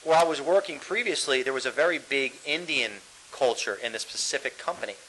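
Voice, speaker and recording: A man's voice: mid-range voice, fairly quick, sharp tone, poor audio. A man, co-hosting a casual podcast, ranting with plenty of swearing and frequent laughter. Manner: ranting, profane, laughs often. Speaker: podcast co-host.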